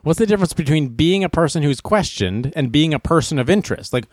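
A man's voice: a little high, dry recording. A young man rattles through the news as a comedy host, cracking jokes and wandering off on asides. His slightly raised voice swoops all over the place. The sound is dry and close, with no room around it. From Boston area. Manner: joking, rambling, animated, with quick asides. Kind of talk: casual comedic news commentary.

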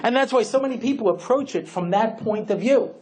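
A man giving a humorous religious lecture as a rabbi, telling jokes and swinging between hushed, slow lines and excited bursts. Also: very high voice.

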